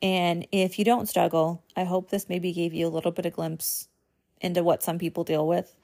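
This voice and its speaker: Earnest young woman chatting, slightly low voice. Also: level tone, normal speed, dark tone. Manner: casual, earnest, filler-heavy with frequent "like". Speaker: host. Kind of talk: personal talk to camera.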